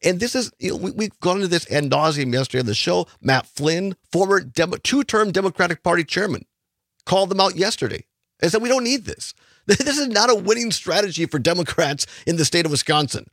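A man's voice: high-pitched, animated, brisk, fairly bright tone, no echo, clean studio sound. Opinionated man hosting talk radio. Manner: opinionated, rambling with restarts. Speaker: radio talk show host. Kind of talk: casual political talk radio chat.

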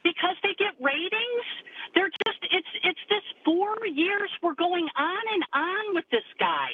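A woman calling in to a radio talk show, speaking in a halting, conversational way with many fillers. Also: very high-pitched, big pitch swings. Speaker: caller. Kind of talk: phone-in caller to talk radio. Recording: tinny phone line, faint hiss.

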